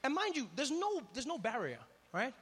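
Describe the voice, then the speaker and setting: High-voiced man telling a stand-up story. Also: moderate pace, husky. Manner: animated, acts out characters. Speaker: stand-up comedian.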